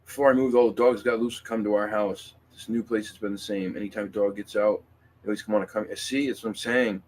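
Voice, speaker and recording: Male livestream host, very low voice, rambling and emphatic, faint hiss behind. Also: fairly even intonation, quick pace. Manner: rambling, emphatic, swears, with many fillers and restarts. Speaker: livestream host reading viewer comments. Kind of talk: casual livestream chat.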